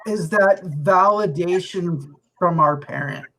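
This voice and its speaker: A podcast co-host speaking in a reflective, measured way during casual chat. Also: medium pitch, fairly bright tone, rough recording.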